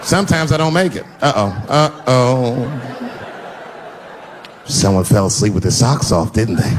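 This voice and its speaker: A middle-aged stand-up comedian performs a routine on a comedy stage before an audience, loosely telling a story and acting out the quoted lines. His voice is fairly low, with big pitch swings and a quick pace, captured in a noisy live stage recording.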